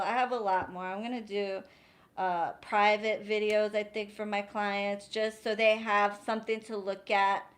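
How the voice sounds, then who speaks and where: Brief: woman live-streamer, slightly high voice, blunt and exasperated, swears freely. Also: fairly bright tone. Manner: blunt, profane, exasperated, addresses viewers directly. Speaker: spiritual practitioner giving advice on a live stream. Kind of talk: casual live-stream talk.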